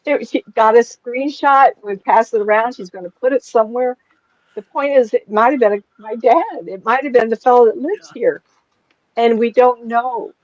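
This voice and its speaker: Here a woman in her sixties, who works as a psychic medium, talks at normal speed in a fairly high voice. She's rambling and chatty with a small group, laughing throughout, on a dull, dry, lo-fi recording.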